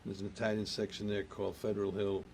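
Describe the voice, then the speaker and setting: An older man from Providence, Rhode Island, an actor and guest telling animated stories in a casual chat and acting out the exchanges he recalls. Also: fairly low pitch, fast, a little hiss or hum. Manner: animated storyteller, acts out quoted exchanges.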